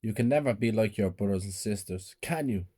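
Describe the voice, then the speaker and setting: A gruff, short-tempered father barks orders at his son, as the narrator voices him. The voice is loud and raised but keeps a mellow, dark warmth underneath. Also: on the low side, fairly quick, lightly acted. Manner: shouting, gruff.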